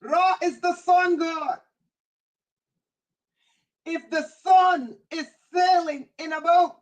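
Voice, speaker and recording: A woman preaching on a livestream as a spiritual teacher, impassioned and often yelling in a repetitive preaching cadence. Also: very high voice, low-quality recording. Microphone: livestream setup.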